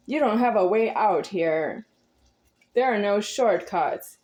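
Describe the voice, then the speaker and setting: A woman in her forties talks straight to her viewers in an intense, repetitive, confrontational ramble. Her voice sits at a middling pitch, and she speaks from her home kitchen. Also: animated, takes it slowly, darkish tone. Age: 40s. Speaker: vlogger. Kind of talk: rambling spiritual monologue to viewers.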